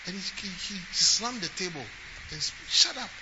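At a moderate pace, this high-voiced bishop and preacher gives an emphatic sermon, shifting from relaxed storytelling into shouts and acted-out quotes. The audio is muffled and lo-fi, carrying constant background noise.

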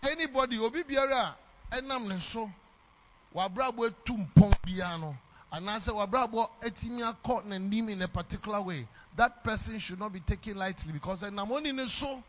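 A Ghanaian man preaches a sermon with a high-pitched voice, hammering his points home by repeating them. His Ghanaian English accent is strong. The recording sounds dull and lo-fi. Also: fairly quick, a bit bright, a little hiss or hum. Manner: emphatic, repeats lines for effect, mixes in Twi phrases.

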